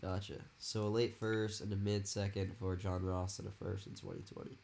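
A man with a lowish voice rambles through casual chat, piling up fillers like "it's like" and "you know". There is a faint hiss of noise behind him. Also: a little fast, gravelly, a little mellow. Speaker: podcast guest. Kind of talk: casual fantasy football chat.

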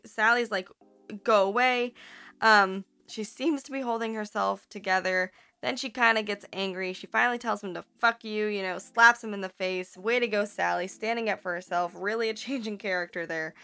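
Bright-voiced woman casually recapping a movie. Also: medium pitch. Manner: chatty and rambling, self-correcting, playful swearing.

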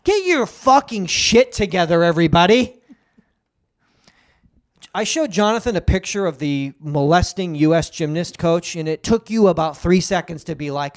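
A high-pitched man ranting on a comedy podcast, loud and profane. He swings his voice up and down between mock impressions and outrage. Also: expressive, normal speed. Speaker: podcast co-host. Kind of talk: crude comedic rant.

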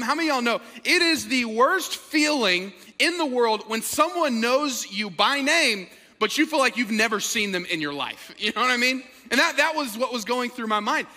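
A man preaching in a high, very bright voice, excitable and quick to joke while he tells a story. His voice fills a large church auditorium and trails off in a long hall reverb. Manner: energetic, excitable storyteller with humor. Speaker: pastor. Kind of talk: sermon.

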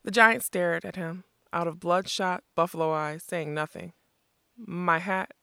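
Storybook narrator, gravelly voice, steady measured reading, dry close sound. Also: medium pitch, no room sound. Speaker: audiobook narrator.

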